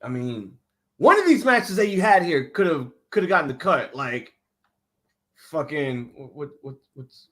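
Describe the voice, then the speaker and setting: A man hosting a casual wrestling reaction chat, excitable and profane, often restarting his sentences. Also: on the high side, measured pace. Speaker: podcast host.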